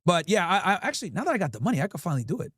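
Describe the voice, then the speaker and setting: A man in his thirties from Connecticut tells stories to his stream chat, his voice sitting high and bouncing all over the place. He talks crude and animated, and the sound is close and dry with no room around it. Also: racing, slightly rough, dry recording. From Connecticut, USA. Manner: animated, crude, laughing storyteller. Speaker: livestreamer. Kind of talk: casual storytelling to chat.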